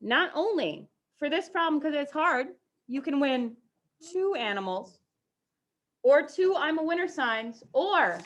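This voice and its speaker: Teacher lady, kinda high voice, teasing her class, over-the-top dramatic. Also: lively intonation, a little slow. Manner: playful, teasing, mock-dramatic. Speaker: math teacher. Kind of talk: classroom teaching, in person and online.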